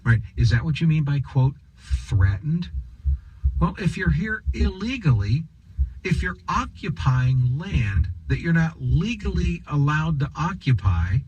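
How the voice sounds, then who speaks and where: A man's voice: a little high, sing-song, measured pace, darkish tone, slightly rough, dull audio. A man giving an opinion monologue as a political commentator, sarcastic and emphatic, firing off rhetorical questions.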